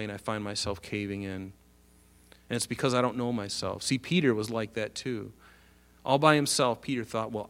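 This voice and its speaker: A man in the middle of a sermon, preaching with animated energy. He acts out the voices he quotes, rising to loud calls and dropping to soft asides. His voice sits at an ordinary middle pitch. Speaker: pastor.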